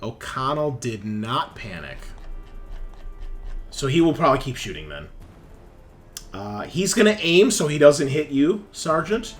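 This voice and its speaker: A man runs a tabletop role-playing session, patiently explaining rules and narrating combat. His pitch moves a lot, and faint music plays under him. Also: sing-song, measured pace, pauses often. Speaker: game master.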